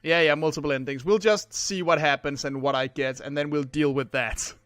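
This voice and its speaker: A man's voice: a little high, steady tone, a little fast, a bit bright, no room sound, poor audio. Sarcastic young man playing a game. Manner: sarcastic, swears freely. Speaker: let's play gamer. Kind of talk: casual gameplay commentary.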